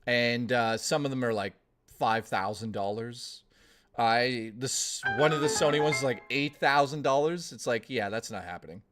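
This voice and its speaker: A man's voice: medium pitch, loud music behind the voice. Guy streaming live, talks loose and rants, cusses a ton. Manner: rambling, profane, quick to rant. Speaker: livestreamer. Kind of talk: casual live-stream chat.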